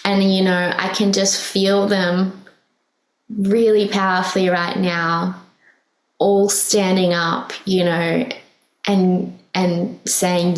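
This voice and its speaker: A woman's voice: lowish voice, level tone, slow pace, echoey room, poor audio. A woman hosting a podcast, speaking in an earnest, heartfelt way with many fillers and restarts. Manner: emotional, laughing softly at herself. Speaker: podcast host. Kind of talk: casual spiritual podcast monologue.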